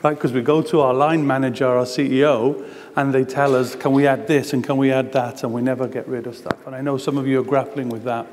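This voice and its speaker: A man's voice: mid-range voice, little pitch movement, fairly quick, darkish tone, slight background noise. A man with a Gibraltarian accent giving a chatty conference talk, with many ums. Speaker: conference speaker. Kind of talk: conference presentation. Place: conference hall. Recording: long hall reverb.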